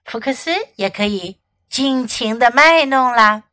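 High lively woman reading a children's story. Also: measured pace, dry recording. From China. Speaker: children's English teacher and host.

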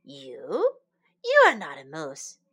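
A woman's voice: sits low, huge pitch swings, slow, husky, pitched below the performer's own voice, exaggerated voice. A woman voicing a confident, teasing male deer in a children's story. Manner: teasing, shouting.

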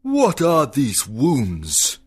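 A woman voicing a big, kind, lonely male giant who grows old, in a storybook reading for English learners, speaking slowly and deeply. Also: big pitch swings, husky, exaggerated voice. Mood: stern. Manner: slow, deep, booming.

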